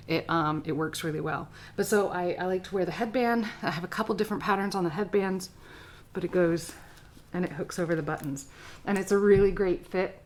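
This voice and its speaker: A woman art teacher giving a casual live-stream craft tutorial, chatty and rambling with frequent filler words. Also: mid-range voice.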